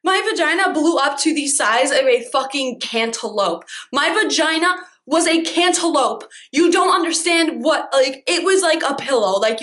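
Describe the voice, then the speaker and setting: A woman's voice: a little high, a bit bright. Swearing, dramatic young woman telling a story. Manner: profane, dramatic, laughing storyteller. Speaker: vlogger. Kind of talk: storytime vlog.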